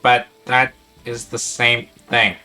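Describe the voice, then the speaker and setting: A man's voice: mid-range voice, little pitch movement, takes it slowly, pushed and bright, faint music behind, voice pushed down. A man doing Bricks, a blunt puzzled adventurer. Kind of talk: in-character tabletop role-play.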